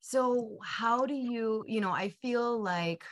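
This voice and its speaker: A woman's voice: fairly high pitch, slow. A woman hosting a podcast interview, asking chatty, curious follow-up questions. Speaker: podcast host.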